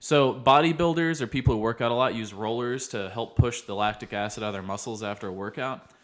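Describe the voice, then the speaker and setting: A man's voice: medium pitch, fairly quick. A young man, a behavioral therapist co-hosting a podcast, explaining things earnestly in casual chat and laughing easily.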